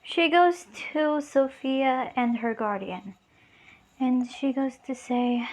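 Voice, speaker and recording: A young woman makes up a fan story as she goes, pausing often and filling gaps. Her voice is high and she talks slowly. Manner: hesitant, many fillers. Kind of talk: improvised fan story narration.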